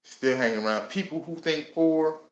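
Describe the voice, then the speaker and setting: A man in his thirties telling his own life story in a casual, animated way, acting out what he and others said. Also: a little high, moderate pace, dull audio. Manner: casual and animated, with many laughs and voiced asides. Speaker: host. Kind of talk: personal storytelling. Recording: echoey room.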